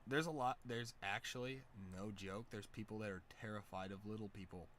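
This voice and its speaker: A man with a lowish voice chats loosely on a live stream from home, swearing freely as he spins stories. His delivery is relaxed and unpolished, with a faint hum of room ambience underneath. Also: a little fast. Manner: loose, profane, laid-back. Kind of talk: casual storytelling chat.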